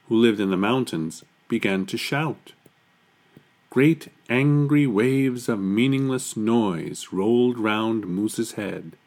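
A man reading a children's picture book aloud in an unhurried, expressive storytelling manner. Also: lowish voice.

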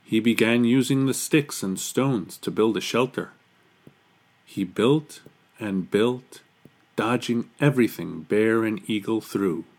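A man reading a children's picture book aloud in an unhurried, expressive storytelling manner. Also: lowish voice.

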